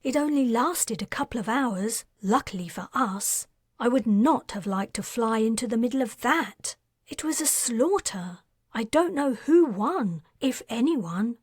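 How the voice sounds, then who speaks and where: A woman voicing a brisk female starship pilot in an audiobook, matter-of-fact. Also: a little high, expressive, breathy edge, no room sound, studio quality.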